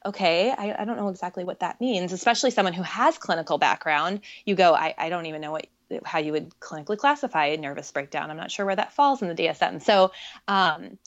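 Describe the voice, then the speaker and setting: A woman's voice: lowish voice, quick pace, dull audio. A woman in her thirties, a podcast guest, talking candidly and reflectively about her experiences, with frequent fillers. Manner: earnest, reflective, many fillers. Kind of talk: candid personal conversation.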